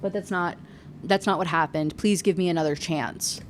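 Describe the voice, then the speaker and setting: A woman quoting a dangerous young man who is in love, voiced a little lower and pleading in earnest. The delivery is casual, as she reads from a novel she is reviewing. Faint noise sits under the voice. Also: moderate pace, natural voice.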